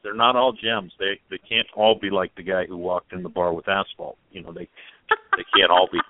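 Here a man speaks at normal speed in a low, level voice, joking around casually as co-host of a motorcycle radio show. He keeps tripping over his words and starting again. The recording is dry, phone-like, and narrow in band, with no room sound.

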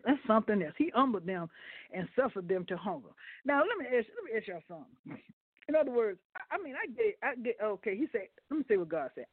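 A man's voice: high voice, dry recording. Man preaching over a tinny phone line. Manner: folksy, stumbles over words, talks to the listeners. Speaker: guest preacher. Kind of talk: radio sermon. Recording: phone-line audio, dry.

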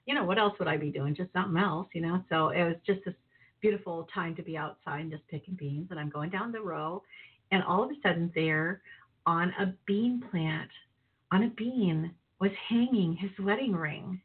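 A woman telling a lively personal story with laughter, acting out voices as she goes. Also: fairly low pitch, normal speed, husky. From northern Minnesota. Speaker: guest. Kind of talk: animated storytelling. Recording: phone-like narrow sound.

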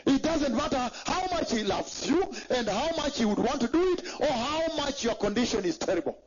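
A man's voice: very high-pitched, animated, normal speed, a crowd in the background. A man preaching a sermon in an emphatic way, repeating phrases and checking that the congregation follows. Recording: dull lo-fi recording.

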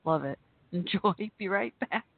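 A woman's voice: on the low side, lively intonation, a little slow, vocal fry, slight background noise. A woman in her forties hosting a casual live call-in show, rambling and laughing often as she chats with listeners. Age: 40s. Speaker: podcast host. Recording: tinny phone-like line, dry.

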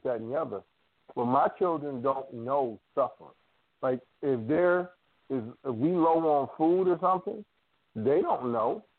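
Dude telling family stories on a call, animated, tinny phone sound, dry. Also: male voice, mid-range voice, no echo. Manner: animated storyteller acting out family quotes. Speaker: radio show co-host. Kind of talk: casual storytelling chat. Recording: dry phone-line audio.

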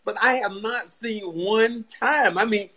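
An older man, a former pro player, chatting casually on a sports podcast, telling animated stories full of acted quotes and colloquial repeats. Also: high-pitched, takes it slowly. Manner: colloquial, repeats words when revving up. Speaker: former pro basketball player, guest analyst.

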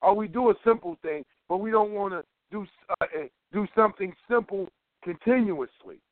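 A man's voice: sits high, expressive, moderate pace, no room sound. A man giving an impassioned political talk as an organizer, emphatic and preachy, repeating phrases for weight. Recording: tinny phone line, dry.

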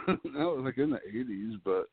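A man's voice: mid-range voice, animated, moderate pace, husky, no echo. A man co-hosting a podcast, talking in a laid-back, hesitant way in casual chat. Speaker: podcast co-host. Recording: tinny phone-like line.

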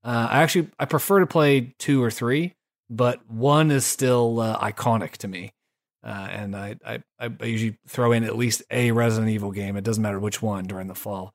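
A man hosting a casual gaming podcast, laid-back and quick to swear, tossing in slang like "dude" and "son". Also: mid-range voice, steady tone. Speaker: podcast host. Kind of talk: casual chat.

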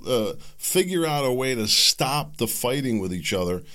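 A man hosting a podcast, giving a political commentary monologue in an animated way, worked up and sarcastic, jittery from coffee. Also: medium pitch, moderate pace. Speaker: podcast host.

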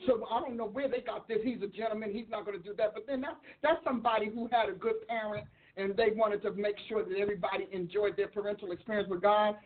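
A woman preaching a sermon in an excitable, animated way, laughing often and acting out the voices she quotes. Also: medium pitch, fast, narrow, tinny audio. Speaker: preacher and author. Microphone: livestream.

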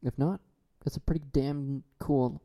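A man with a very dark, low-toned voice hosts a comedy talk show by himself. He drawls slowly, drifting from one absurd thought to the next in a deadpan manner.

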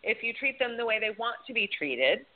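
A woman's voice: on the high side, very animated, fairly quick. A woman co-hosting a podcast in casual chat, telling stories and swearing freely. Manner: chatty storyteller who swears freely. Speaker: podcast co-host. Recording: tinny phone-like sound.

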